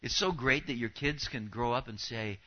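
A middle-aged man preaching a sermon as pastor, telling a personal story and often dropping to a hushed voice. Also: mid-range voice, moderate pace. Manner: storytelling, drops to a hushed voice in anecdotes. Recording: dull lo-fi church recording.

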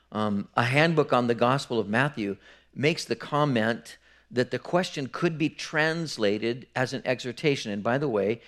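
A male pastor preaching in a mid-range voice. He teaches step by step and keeps checking in with his listeners. He often repeats a word or two as he restarts a thought. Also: medium pitch. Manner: explanatory, frequent "right?" checks, repeats words when restarting. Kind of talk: sermon.

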